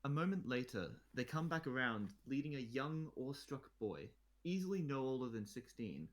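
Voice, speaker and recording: A man's voice: mid-range voice, big pitch swings, normal speed. A man narrating a tabletop role-play in the second person, often restarting and repeating phrases.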